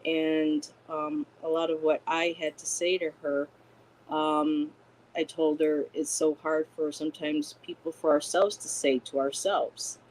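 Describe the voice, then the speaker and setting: Gentle, encouraging woman guest. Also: low voice, level tone, measured pace, slight background noise, low-quality recording. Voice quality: gentle, encouraging, many fillers. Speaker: guest intuitive reader. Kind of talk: casual spiritual chat.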